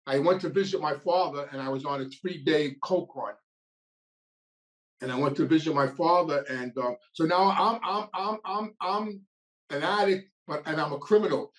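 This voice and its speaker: A man tells his recovery story as a casual monologue, in a blunt, streetwise way that often repeats and restarts phrases. His voice sits on the high side at a moderate pace, and the recording is rough.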